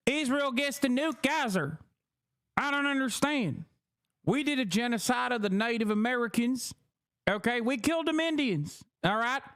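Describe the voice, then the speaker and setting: A man's voice: very high voice, expressive, normal speed, fairly bright tone, voice pushed up, full character voice. A man putting on a Southern US accent to mock an older, blustering, hawkish senator. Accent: Southern US, put on. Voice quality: bombastic, mocking.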